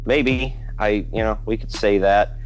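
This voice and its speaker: A man with a fairly low voice co-hosts a casual wrestling podcast. He rants in a loose, jokey way and keeps dropping into mocking voices to quote people. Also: fairly even intonation, measured pace, dull audio, faint music behind. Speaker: podcast co-host.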